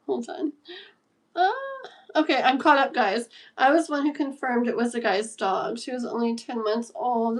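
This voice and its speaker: A woman in her thirties hosts a casual tarot livestream, chatting and giggling as she reads comments aloud. Her voice is fairly high-pitched and gravelly.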